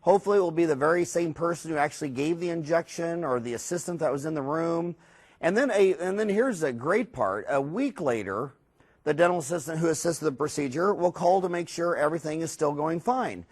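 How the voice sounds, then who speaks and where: A man, a dentist, giving a recorded lecture in a rambling, animated storytelling way, with many fillers and restarts. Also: fairly high pitch, a little fast, husky. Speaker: dentist teaching a course.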